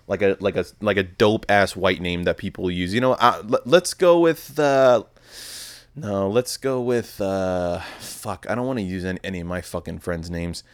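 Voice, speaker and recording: A man's voice: low voice, moderate pace. A young man hosting a podcast, telling a story in a rambling, heavily profane casual monologue. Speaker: podcast host.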